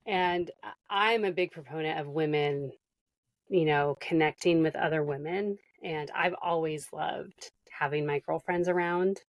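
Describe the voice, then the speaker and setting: Woman podcast host; lowish voice, dry close sound, affirming and chatty. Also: unhurried, dry recording. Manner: affirming, emotional, "you know" fillers. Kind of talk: casual interview chat.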